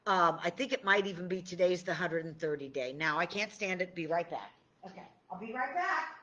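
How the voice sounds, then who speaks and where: A middle-aged woman from Indiana coaching viewers through a casual livestream from home. Her voice is bright and forward, and she chats, jokes and breaks off her own sentences. It sounds like a phone or webcam picking her up indoors. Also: on the low side, lively intonation, brisk. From Indiana, USA. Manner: chatty, joking, self-interrupting. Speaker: tapping and law of attraction coach.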